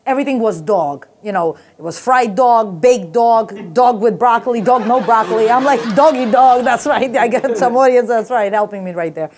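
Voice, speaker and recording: A woman's voice: on the high side, normal speed, few pauses, a little mellow. A woman performing a stand-up comedy routine, telling a brash, profane story and jumping into character voices.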